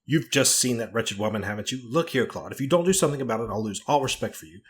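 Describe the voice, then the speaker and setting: A man putting on a forceful, indignant middle-aged woman. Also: mid-range voice, lively intonation, fast, close to an everyday voice. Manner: insistent and forcible.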